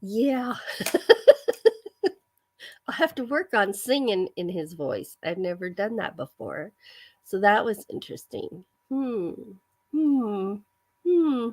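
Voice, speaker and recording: A woman's voice: mid-range voice, sing-song, takes it slowly, long pauses. A woman hosting a casual live chat with her viewers, giggly and self-deprecating. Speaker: livestream host.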